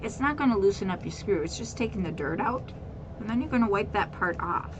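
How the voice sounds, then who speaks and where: A woman's voice: mid-range voice, animated, a little fast, background noise. A woman hosting a casual craft tutorial, explaining step by step in a chatty way with frequent repeats and fillers. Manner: chatty, repeats words, addresses viewers as guys. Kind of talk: casual how-to demonstration.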